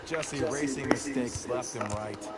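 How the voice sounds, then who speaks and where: A man's voice: medium pitch, a little slow. A man giving color commentary in a basketball video game, analyzing the play in a confident, instructive way.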